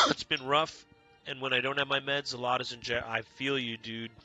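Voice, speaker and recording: Male streamer, sharp tense bright tone, excitable casual chat, faint game music under him. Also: mid-range voice, a little slow. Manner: talks to chat by name, excitable, swears casually. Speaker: live streamer.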